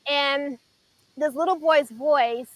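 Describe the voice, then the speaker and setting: A woman in her thirties from Chicago sharing an earnest, emotional personal testimony on a faith talk show, with pauses as she tells it. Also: sits high, fairly bright tone, no room sound, poor audio.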